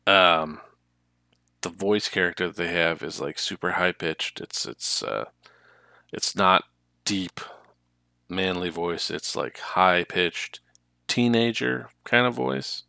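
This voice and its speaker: A man's voice: low voice, slow pace, vocal fry, sharp tone, clear, resonant tone, dry recording, studio quality. A man co-hosting a casual podcast, chatty and eager to retell plots at length. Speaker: podcast co-host. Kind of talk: casual chat.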